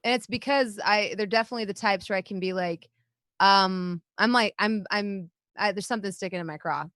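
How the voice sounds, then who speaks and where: A woman's voice: mid-range voice, a little fast, fairly bright tone, dry recording, studio quality. A woman co-hosting a podcast in casual chat, blunt and candid, swearing freely. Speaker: podcast co-host.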